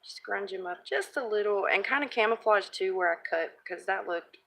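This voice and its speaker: A woman's voice: medium pitch, normal speed, fairly bright tone. A woman crafting vlogger chatting casually as she works and thinks aloud, reading viewer comments. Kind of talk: casual live-stream crafting chat.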